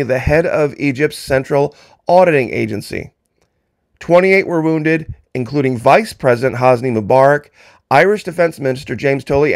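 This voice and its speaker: A man's voice: medium pitch, no echo, studio quality. A man giving impassioned, sarcastic political commentary, reading quotes aloud and arguing.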